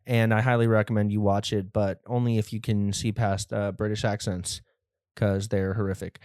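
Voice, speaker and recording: A man's voice: fairly low pitch, level tone, normal speed, a little mellow, clean tone, no echo, clean studio sound. A young man hosting a casual comedy podcast, rambling and a bit nervous, with lots of fillers. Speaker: podcast host.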